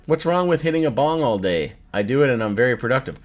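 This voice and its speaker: Speaking quickly and animatedly in a mid-range voice, a man in his thirties reads chat aloud during a casual live stream. He curses freely, laughs often, and flips between kidding around and sounding irritated.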